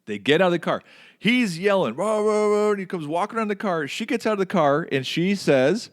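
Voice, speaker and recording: A middle-aged man hosting a casual podcast chat, telling stories with lively mimicry of people yelling. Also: fairly quick. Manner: animated storyteller, mimics yelling in a much higher voice.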